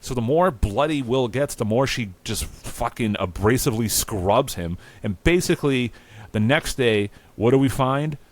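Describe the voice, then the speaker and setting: A man's voice: medium pitch, animated, moderate pace. A man hosting a podcast, improvising a crude comic story in a rambling, profane way and laughing at his own jokes. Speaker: podcast host. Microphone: remote recording.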